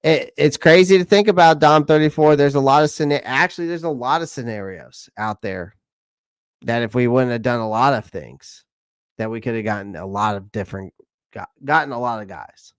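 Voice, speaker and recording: Man, live-stream host, mid pitch, smooth voice, dry close sound, loose and chatty. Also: moderate pace, no room sound. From South Carolina. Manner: chatty, repeats himself, reads viewer comments aloud. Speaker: channel host answering live chat. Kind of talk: casual live-stream chat.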